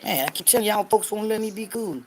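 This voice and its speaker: Loud trash-talking woman in her sixties. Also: fast. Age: 60s. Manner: loud, cursing, trash-talking, swings between hollering and low muttering. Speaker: livestream host. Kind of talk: livestream chat answering viewers.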